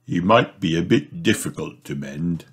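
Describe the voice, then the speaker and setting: A man voicing an easygoing father pig in a children's storybook read aloud, in a warm, chuckling voice close to his own. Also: low voice, animated, moderate pace, breathy edge. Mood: jolly.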